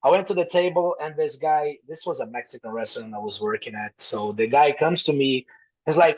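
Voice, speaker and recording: A young man with a Brazilian accent, a native Portuguese speaker, sits in as a podcast guest. His voice sits a little high for a man, and he tells his stories in a loose, animated way. He slips into other people's voices mid-story and swears freely. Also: brisk, poor audio. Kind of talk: casual storytelling.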